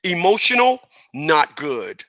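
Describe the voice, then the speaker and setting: Bright-voiced rambling male radio host. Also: on the high side, takes it slowly, no echo. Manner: animated, self-correcting, chuckling asides. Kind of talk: casual rambling monologue.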